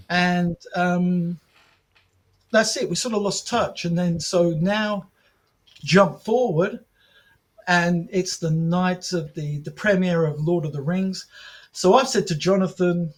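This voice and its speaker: A man as a podcast guest, telling animated anecdotes, acting out quoted dialogue with frequent restarts. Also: high-pitched. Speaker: podcast guest, martial arts film promoter and author. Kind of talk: casual podcast storytelling.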